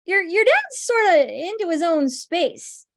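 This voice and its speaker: Female reader as a slangy young waitress, very high and lilting. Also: big pitch swings, unhurried, full character voice. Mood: breezy. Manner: breezy, chatty. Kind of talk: amateur script reading.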